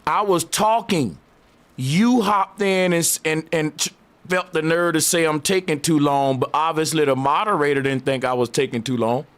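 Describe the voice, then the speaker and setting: A man's voice: fairly high pitch, moderate pace, fairly bright tone. Insistent man debating. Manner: insistent, argumentative, repeats points. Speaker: debate show host. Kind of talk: heated live debate.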